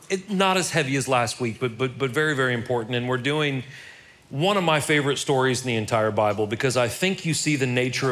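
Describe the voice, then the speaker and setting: A man's voice: medium pitch, fairly bright tone. A man preaching a sermon as pastor in a church, casual and conversational, often repeating words as he restarts.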